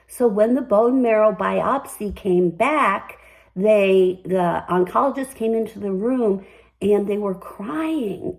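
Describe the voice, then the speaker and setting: A woman's voice: mid-range voice, slow pace, vocal fry, darkish tone, poor audio. An older woman hosting a personal commentary, telling her story in an emphatic, upbeat way. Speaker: commentary host.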